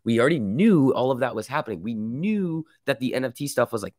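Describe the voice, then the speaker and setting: A man's voice: mid-range voice, lively intonation, quick pace, hardly any pauses, no room sound, studio quality. A man with a sick voice hosting a live stock market stream, reading chat and reacting in casual slang. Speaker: stock market livestream host.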